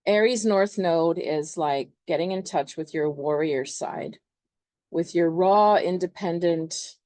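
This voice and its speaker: Low-voiced woman explaining astrology casually. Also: slow, a little mellow, dry recording. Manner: chatty, loose, filler-heavy.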